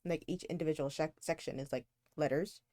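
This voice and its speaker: A woman in a book club, chatting casually with soft, brief, encouraging remarks. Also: deep voice, steady tone, a little fast, dry recording, clean studio sound. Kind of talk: casual chat.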